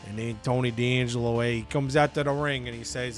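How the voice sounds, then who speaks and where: A man's voice: medium pitch, a little fast, few pauses, soft background music. A man casually narrating a wrestling management game playthrough, slipping into exaggerated voices for the wrestlers. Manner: animated, acts out wrestlers' lines in exaggerated voices.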